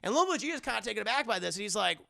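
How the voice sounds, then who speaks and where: A man gives a casual, profane episode recap in a high, heavily gravelly voice. He sounds bright and forceful, and the recording is close and dry. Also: big pitch swings, racing. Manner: loose and profane, acting out the scenes. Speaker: show reviewer.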